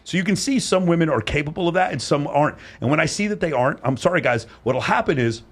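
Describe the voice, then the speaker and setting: A man's voice: on the high side, animated, quick pace. A man hosting a casual panel chat in a studio, blunt and profane, telling stories with emphasis. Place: recording studio.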